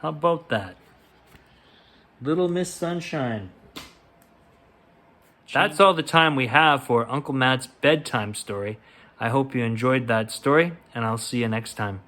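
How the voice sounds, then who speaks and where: There's slight background noise as a man with a mid-range voice reads a children's picture book for bedtime. His delivery is gentle and unhurried, with the quoted lines taking on their own rises and falls.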